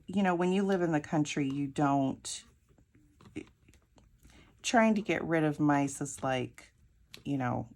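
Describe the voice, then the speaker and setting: A woman's voice: sits low, creaky, darkish tone. A woman crafting and telling a rambling, chatty story, laughing often. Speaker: crafting vlogger. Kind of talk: casual storytelling while crafting.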